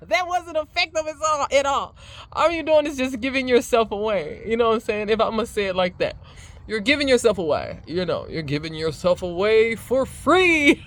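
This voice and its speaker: A middle-aged woman giving life advice in a casual motivational talk, emphatic and animated, laughing often. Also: medium pitch. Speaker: speaker sharing life advice.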